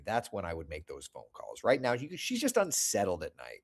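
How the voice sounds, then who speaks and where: Reading live chat comments on his casual stream, a middle-aged man answers viewers in a chatty, self-mocking manner. His deep voice swoops wildly in pitch, carries vocal fry, and moves at normal speed with few pauses, still healing from being lost.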